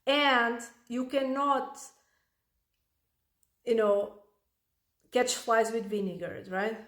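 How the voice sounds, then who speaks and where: A woman coaching parents in a relaxed, conversational way, with a slightly high voice. She often checks in with "right?" and restarts her thoughts mid-sentence. The room around her adds noticeable echo. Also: drawn-out words. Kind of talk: advice talk to camera.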